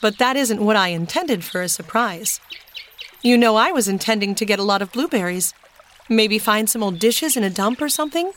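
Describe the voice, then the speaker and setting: A woman reads as a brisk, motherly older girl from a storybook, kind and practical. She speaks in a mid-pitched voice with a faint hiss behind. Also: lively intonation, a bit bright, lightly acted. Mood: kindly. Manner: brisk and soothing.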